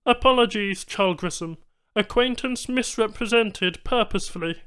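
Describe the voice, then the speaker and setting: Alien trader, male, halting broken speech, voiced by a male narrator, raised pitch, smooth tone. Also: a bit bright. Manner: clipped broken phrasing, formal apologies.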